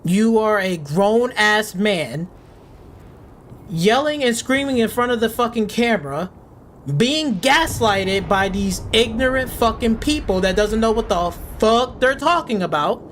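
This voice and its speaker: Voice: medium pitch, expressive, unhurried, fairly bright tone, a little hiss or hum. A game streamer ranting in casual live commentary, swearing freely and sarcastic, faking panic and often repeating words. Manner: profane, sarcastic, mock panic.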